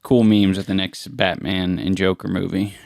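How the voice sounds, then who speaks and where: A podcast co-host in casual chat, lively, swearing casually and trailing off mid-thought. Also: deep voice, normal speed, gravelly, dry recording, clean studio sound.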